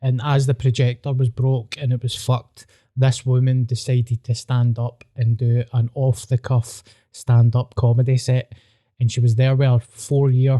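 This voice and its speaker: A man's voice: mid-range voice, mellow, no echo, clean studio sound. A Scottish man with a Glasgow accent, hosting a podcast and telling rambling, sweary stories in casual chat. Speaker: podcast host.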